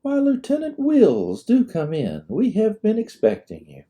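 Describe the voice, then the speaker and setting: A man's voice: high-pitched, wildly swooping pitch, measured pace, mellow, voice pushed up, exaggerated voice. A man voicing Mrs. Burrell, a gracious, courtly plantation hostess, in an author-narrated storybook reading. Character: genteel older Southern hostess, gracious.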